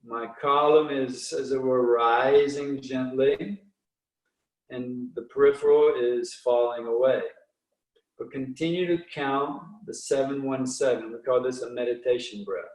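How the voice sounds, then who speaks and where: A man leading guided breathing and meditation exercises, counting breaths slowly and calmly with frequent restarts. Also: mid-range voice, roomy sound, far from the mic, rough recording.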